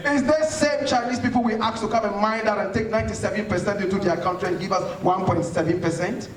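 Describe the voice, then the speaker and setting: Against a background crowd, a Ghanaian man with a high voice fields audience questions at a quick pace with fairly even intonation. He speaks in an impassioned, rhetorical, preaching tone, recorded from a distance in an echoey hall.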